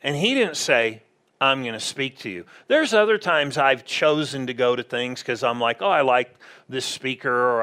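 A man's voice: medium pitch, bright, forceful tone. A man preaching a conversational sermon in a church, often asking the congregation questions. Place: church sanctuary.

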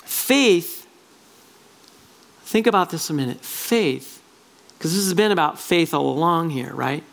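A man preaching a sermon as pastor, animated and acting out little quoted voices as he talks. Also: fairly high pitch, measured pace, gravelly.

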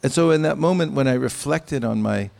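A man giving a devotional sermon, speaking in a measured, pausing way with gentle humor. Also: mid-range voice, creaky. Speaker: spiritual teacher. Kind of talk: sermon with anecdotes.

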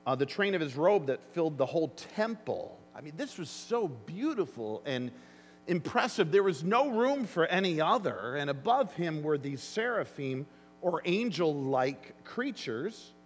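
A man preaching a sermon as pastor, earnest and emphatic, with deliberate phrasing. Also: a little high, very animated, slight background noise. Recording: long reverb of a large hall.

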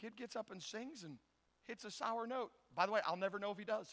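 A pastor preaching a sermon, telling stories with animated voices and acting out the characters. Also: male voice, sits high, fairly quick, long reverb tail.

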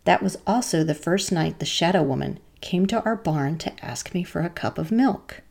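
A woman podcast host who tells stories in a measured, dramatic way. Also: lowish voice, expressive, gravelly, darkish tone. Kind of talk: storytelling narration.

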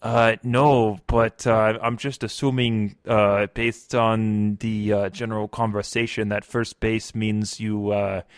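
A man improvising as a historical figure's assistant on a comedy podcast, telling a rambling, halting story full of fillers. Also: on the low side, little pitch movement, clean tone, no room sound, studio quality. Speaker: improv guest playing Beethoven's assistant.

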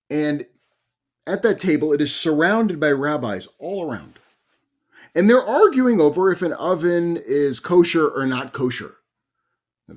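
A man who is a rabbi, telling stories in a conversational, animated sermon. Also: on the high side, breathy edge. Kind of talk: sermon storytelling.

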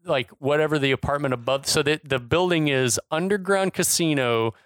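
A man's voice: a little high, normal speed, fairly bright tone, dry recording. A man recapping a film on a podcast in casual, profane chat, laughing often. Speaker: podcast co-host.

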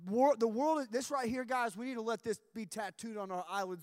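Male youth camp speaker, high-pitched, comic storytelling sermon, dead-dry sound. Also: fairly quick, smooth, no echo. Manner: animated, jokey storytelling with shouted punchlines.

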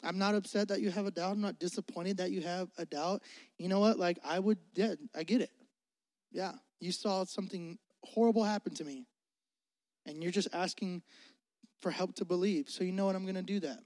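A man voicing Jesus as gentle and understanding, in soft, casual speech. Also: sits high, steady tone, brisk, close to an everyday voice. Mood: reassuring. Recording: long hall reverb.

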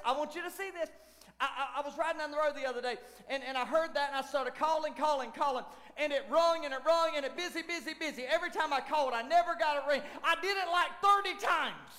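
High-voiced pastor preaching in a reverberant hall. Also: male voice. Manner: animated preaching, shouting at peaks and dropping to near whispers. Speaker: lead pastor. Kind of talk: sermon. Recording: long church hall reverb.

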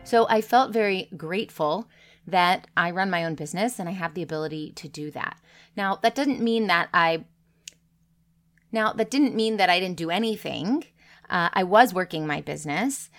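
A woman's voice: lowish voice, fairly bright tone. A woman business coach talking candidly and earnestly about taking a break from posting content. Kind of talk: casual direct-to-camera talk.

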